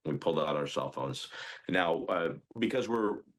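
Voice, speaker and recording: A man telling what happened in an interview, hesitant, with many pauses and ums. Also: low voice, animated. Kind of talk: recounting an incident in an interview.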